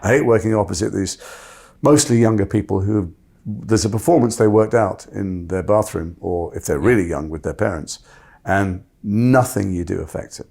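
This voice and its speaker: A man's voice: on the low side, normal speed, vocal fry, warm tone. A middle-aged man, a guest actor talking reflectively and self-deprecatingly, often restarting his sentences. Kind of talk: reflective interview talk.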